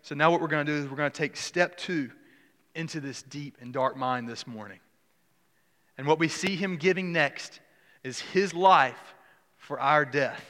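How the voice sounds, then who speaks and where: A man preaching a sermon in a church, earnest, often restarting phrases and dropping soft on key words. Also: on the high side, normal speed, long reverb tail. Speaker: pastor.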